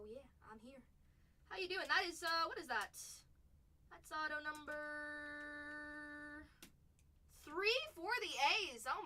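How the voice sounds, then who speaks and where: A woman hosting a live card break, chatting playfully and muttering asides between excited calls, a little distant from the mic. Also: very high-pitched.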